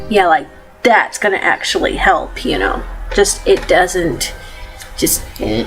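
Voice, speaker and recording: A woman's voice: on the low side, very animated, takes it slowly, a bit bright, faint music behind, poor audio. Blunt, casual woman gamer. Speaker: let's play host. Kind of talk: casual game commentary.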